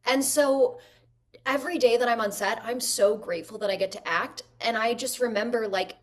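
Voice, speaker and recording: A woman, an actress and guest, telling stories at home in a lively way and using "like" often. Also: on the high side, moderate pace. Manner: animated storyteller, frequent "like" fillers. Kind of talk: conversational interview.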